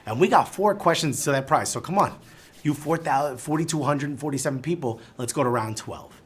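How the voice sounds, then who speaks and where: A man's voice: a little high, fairly quick, husky. A Cuban American man hosting a live trivia game show, reading questions and cracking chatty jokes between them.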